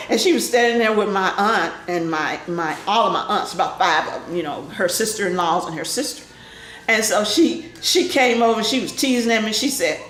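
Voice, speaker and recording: Older lady telling a family story in an interview, laughs a lot, voice jumps all over, echoey room. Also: moderate pace. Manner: lively, laughing, acts out voices in high shouts. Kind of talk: animated storytelling. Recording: echoey room with faint noise.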